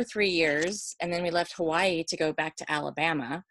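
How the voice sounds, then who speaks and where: Low-voiced woman co-hosting a podcast. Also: steady tone, normal speed, fairly bright tone, a little hiss or hum. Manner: joking, playful. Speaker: podcast co-host. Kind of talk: casual chat. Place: podcast studio.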